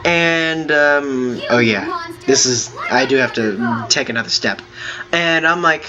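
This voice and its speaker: A man hosting a gaming video, telling a long story in a halting, rambling way with many fillers while he plays. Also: medium pitch, music in the background. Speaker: gaming channel host. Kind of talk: telling a story over gameplay.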